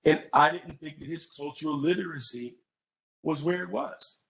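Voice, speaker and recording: A man who is a candidate at a public college forum, answering an audience question with an animated story, often repeating words as he restarts. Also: a little high, moderate pace, creaky, poor audio.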